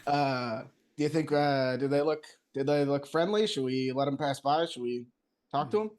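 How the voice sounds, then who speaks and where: A man's voice: mid-range voice, moderate pace, a little mellow. A man playing his tabletop character, casual and leaderly, swearing freely. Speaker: player.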